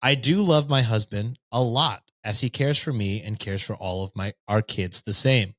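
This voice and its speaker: A man's voice: lowish voice, normal speed, no echo. A man hosting a podcast, reading a story aloud and breaking off for jokey asides. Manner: lively, reads with jokey asides. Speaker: podcast host reading stories.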